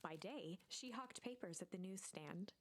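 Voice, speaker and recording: A woman's voice: fairly low pitch, expressive, unhurried, slight background noise. A woman giving scripted, storybook-style narration for a video game.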